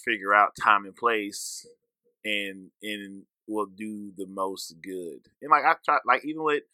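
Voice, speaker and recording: A man's voice: lowish voice, unhurried, pushed and bright, dry recording. A man co-hosting a podcast, talking in a laid-back, reflective way and swearing casually. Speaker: podcast co-host. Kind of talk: casual chat.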